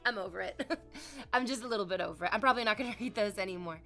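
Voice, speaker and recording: Bright-voiced chatty woman streamer. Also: mid-range voice, rapid-fire, creaky, soft background music. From Canada. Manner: chatty storytelling, playful exaggerated quoted voices. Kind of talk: casual chat to stream viewers.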